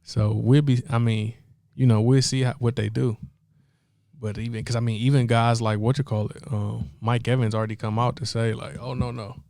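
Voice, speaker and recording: A man's voice: mid-range voice, flat delivery, moderate pace, vocal fry, mellow, no echo, clean studio sound. A young man, a pastor co-hosting a podcast, chatting loosely about football with a laugh and many restarts. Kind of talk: casual sports chat.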